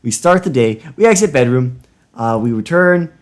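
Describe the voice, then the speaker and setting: A man streaming a text adventure game live, reacting with loud, excitable outbursts. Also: mid-range voice, moderate pace.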